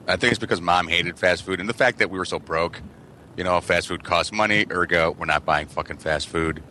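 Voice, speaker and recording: A man's voice: low-pitched, brisk, slight background noise. A man telling profane childhood stories in a casual podcast chat. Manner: profane, animated storyteller. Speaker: podcast co-host.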